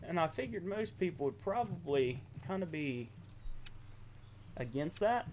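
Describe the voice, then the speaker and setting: A young man from southeastern Ohio with an Appalachian accent, chatting casually over gameplay, halting and full of ums. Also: fairly high pitch, sing-song, darkish tone, a little hiss or hum. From southeastern Ohio, USA. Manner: rambling, halting, lots of ums and self-corrections. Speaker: gaming YouTuber.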